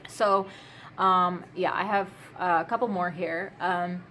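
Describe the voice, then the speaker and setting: A woman's voice: fairly low pitch, steady tone, slow pace, bright, forceful tone, a little hiss or hum. A woman vlogger telling stories in a casual, chatty way, full of fillers and laughing asides. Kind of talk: casual storytime.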